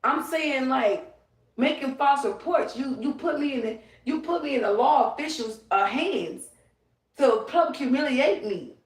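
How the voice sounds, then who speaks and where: A woman's voice: high voice, animated, a little slow, far from the mic. A woman ranting on a livestream, profane, emphatic and confrontational. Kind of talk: livestream rant. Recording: roomy, away from the mic.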